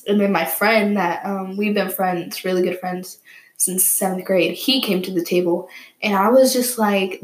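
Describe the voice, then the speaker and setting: A woman's voice: medium pitch, moderate pace, reverberant, poor audio. Rambling young woman telling a story. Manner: rambling, animated, swears freely. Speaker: podcast host. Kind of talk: casual storytelling.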